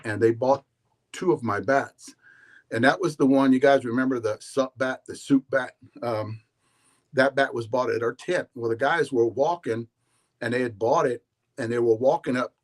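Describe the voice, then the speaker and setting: Man, podcast host, mid-pitch voice, loose rambling monologue, animated and full of restarts. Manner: animated, storytelling, frequent restarts and laughs.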